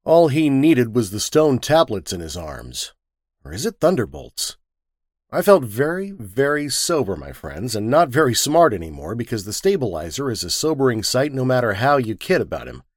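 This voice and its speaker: A man narrating a first-person story with a wisecracking, lively storytelling manner. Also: medium pitch, moderate pace, no room sound, clean studio sound.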